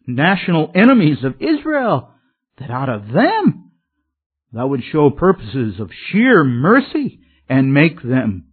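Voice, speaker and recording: A man preaching a sermon in an earnest, emphatic way, his voice swelling and dropping. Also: a little high. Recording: tinny phone-like sermon recording.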